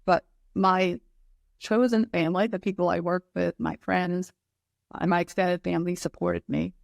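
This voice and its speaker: A woman's voice: lowish voice, fairly even intonation, moderate pace, gravelly, no echo, studio quality. A middle-aged woman guest on a podcast, telling a candid personal story in an earnest way and acting out her own past reactions.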